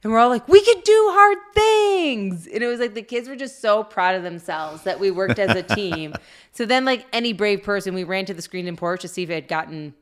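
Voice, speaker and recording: A woman's voice: medium pitch, fast talker. A middle-aged woman co-hosting a parenting podcast, telling a family story in casual chat with many fillers. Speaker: podcast co-host.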